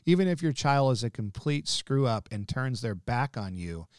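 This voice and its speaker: Man, heartfelt guest, repeats words, mid pitch, dry sound. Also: big pitch swings, normal speed, no room sound. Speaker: ministry director, guest. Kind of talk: emotional personal conversation.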